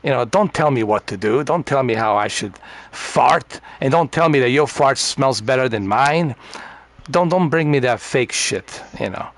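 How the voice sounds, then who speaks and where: A man's voice: mid-range voice, animated, normal speed. Blunt, profane ranting man. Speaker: streamer. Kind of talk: casual rant in party chat.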